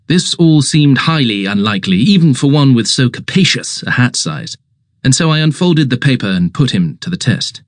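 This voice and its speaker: A man narrating a comic story in a lively way. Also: medium pitch, normal speed, no room sound, studio quality.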